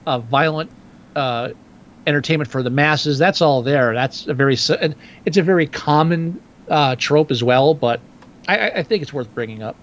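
Co-host, man, wry joker, slightly high voice, dull lo-fi sound. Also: moderate pace. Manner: joking, wry, laughs at own remarks. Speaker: podcast co-host. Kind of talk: casual film discussion.

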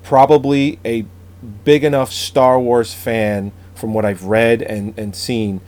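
A man's voice: mid-range voice, level tone, slow, a little mellow. A man in casual podcast chat, blunt and opinionated, swearing freely.

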